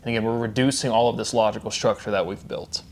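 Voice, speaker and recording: A man's voice: lowish voice, fairly even intonation, fast. A man giving an unscripted lecture, rambling and often asking questions he answers himself, tagging "right?" onto his points. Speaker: independent lecturer. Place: room with a notebook at hand.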